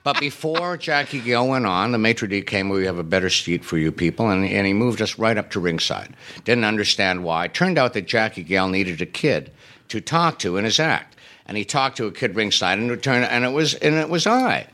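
Male interview guest, bright and forward tone, anecdotal and deadpan-funny. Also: lowish voice, normal speed. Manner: wry, self-deprecating comic timing.

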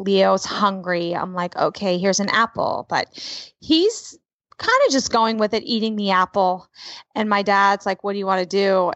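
A woman telling a personal story in casual chat, vivid and animated, with frequent swearing. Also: mid-range voice, dry recording, highs cut off. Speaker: podcast co-host telling a story.

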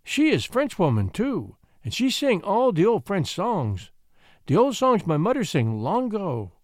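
A man's voice: high-pitched, wildly swooping pitch, a little slow, dry recording, clean studio sound, voice pushed up, full character voice. A man voicing a dying young French girl, tearful and pleading in broken French-flavored English.

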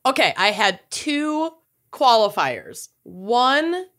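A woman co-hosting a casual podcast, chatting and laughing in giggly, animated banter. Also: on the high side, slow pace. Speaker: podcast co-host. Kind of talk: casual chat.

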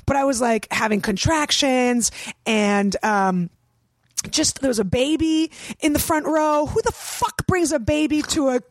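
A woman comedian in her thirties chats on a podcast with a slightly high voice. The recording is dry and close. She jokes and swears freely in a loose, animated way. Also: unhurried, no room sound. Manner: profane, joking, animated. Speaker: comedian guest. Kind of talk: casual chat.

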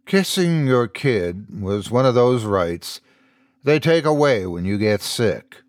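A man voicing a weary, ill adult father who speaks softly and tenderly at times and shouts in anguish at others. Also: medium pitch, very animated, takes it slowly, no room sound, clean studio sound.

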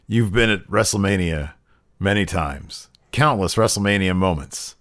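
A man's voice: low-pitched, moderate pace, a bit bright. A man co-hosting a podcast in casual chat, who laughs easily and jumps into impressions. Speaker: podcast co-host. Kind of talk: casual chat recapping wrestling.

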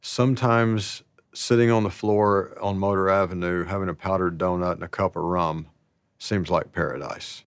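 A man telling stories about his past in a slow, rambling, casual way, laughing often. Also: deep voice, steady tone, dry recording, studio quality. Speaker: interviewee. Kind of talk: casual storytelling.

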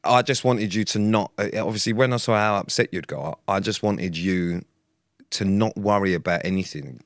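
Casting: young podcast co-host, lowish voice, earnest and emphatic, close dry mic. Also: male voice, normal speed, no room sound. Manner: earnest, emphatic, with occasional swearing. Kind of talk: casual chat.

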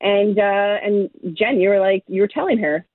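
A woman hosting a chat show who asks questions and drops quick, lively asides. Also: mid-range voice, no echo. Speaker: host. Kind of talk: casual chat. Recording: dry tinny phone line.

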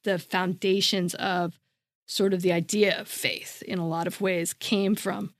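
A woman's voice: fairly low pitch, level tone, measured pace, no echo. A woman co-hosting a podcast in casual discussion. She talks emphatically, repeats herself for stress and says "like" often. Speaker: podcast co-host.

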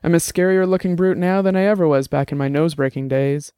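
A man voicing a rapidly aging, gruff old former bruiser who talks bluntly and wryly. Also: a little high, dark tone, no echo, clean studio sound, lightly acted. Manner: blunt, salty, wry.

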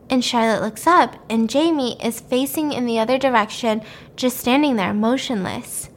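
A woman with a somewhat high voice tells a horror movie plot in a loose, chatty way. She swears casually and laughs at her own retelling, keeping the energy animated throughout. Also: moderate pace. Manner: animated, profane storyteller who laughs often.

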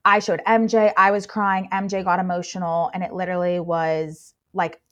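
A woman's voice: lowish voice, normal speed, dull audio. A young woman, a plus-size model, telling her story in a casual interview, gushing and full of filler words. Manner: gushing, filler-heavy, excitable.

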